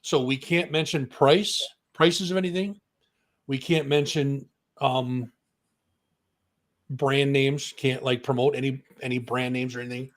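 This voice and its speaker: A man's voice: medium pitch, steady tone, measured pace. A man co-hosting a music talk show, telling a story in casual chat and acting out the voices of the people in it.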